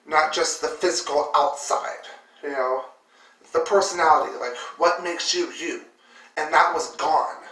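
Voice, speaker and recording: Woman vlogger, rambling and emotional, bright forceful voice, recorded from a distance in an echoey room. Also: low-pitched, a little slow. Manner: emotional, full of fillers and repeated words. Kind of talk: personal storytelling. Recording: roomy echo, distant mic.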